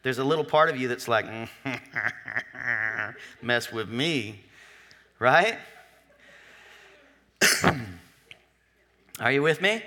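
A man's voice: mid-range voice, lively intonation, drawn-out words, long pauses, bright, forceful tone. A male pastor preaching a sermon in a conversational, joking way, often asking the congregation if they are with him.

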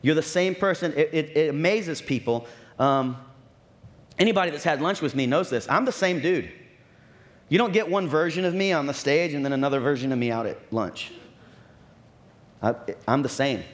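A man with a fairly high voice preaches in a relaxed, conversational way. He leans on his points with emphasis and talks to the room as if to friends. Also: moderate pace, long pauses. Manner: conversational, emphatic, acts out quoted churchgoers. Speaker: pastor. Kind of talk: sermon.

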